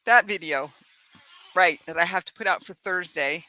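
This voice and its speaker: A woman's voice: fairly low pitch, normal speed, bright, forceful tone, no echo. A woman hosting a casual live-stream chat from home, talking freely and laughing often. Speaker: host.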